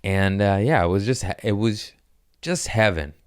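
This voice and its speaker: A man's voice: lowish voice, moderate pace, no room sound, studio quality. A man in his thirties hosting a comedy podcast, telling crude stories in a casual, profane way and acting out the voices in them. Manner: profane, animated storyteller who acts out voices.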